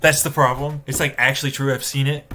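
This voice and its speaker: Man streaming, exasperated rant, bright tense voice, sudden shrill outbursts, swearing. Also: flat delivery, brisk, slight background noise. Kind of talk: casual live-stream rant.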